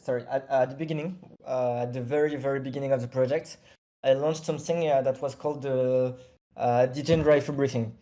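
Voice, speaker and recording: Halting, mellow-voiced man. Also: medium pitch. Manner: halting, many fillers and self-corrections. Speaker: project founder guest. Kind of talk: casual chat.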